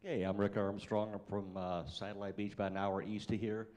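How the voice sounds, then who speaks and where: A church sound-booth volunteer speaks up from the audience with a casual introduction. He pauses often and fills the gaps with "uh". His voice sits somewhat low. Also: flat delivery, a little mellow, slight background noise. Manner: halting, with many fillers.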